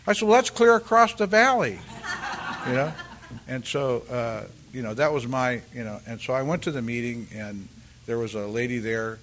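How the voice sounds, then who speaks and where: An older man giving a halting, rambling personal share at a recovery meeting, full of restarts and "you know," and acting out the voices of the people in his story. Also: medium pitch, a little hiss or hum. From California, US. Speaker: speaker sharing at a recovery meeting.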